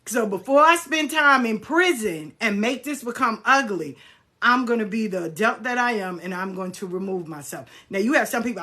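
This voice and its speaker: A middle-aged woman hosting her own channel, talking casually and bluntly to viewers, animated and swearing freely. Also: on the high side, moderate pace. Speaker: spiritual practitioner, channel host. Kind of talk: casual spoken reflection to viewers.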